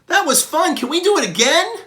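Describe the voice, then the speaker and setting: A man voicing an excitable baby female gorilla in a squealing, childish way. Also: extremely high pitch, fairly quick, voice pushed up, heavily acted.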